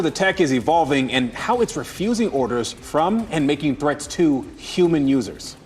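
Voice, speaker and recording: Man reading the news, brisk and informal, reverb hanging on, faint room hum. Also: fairly high pitch, expressive, a little mellow. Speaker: news anchor. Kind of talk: newscast reading.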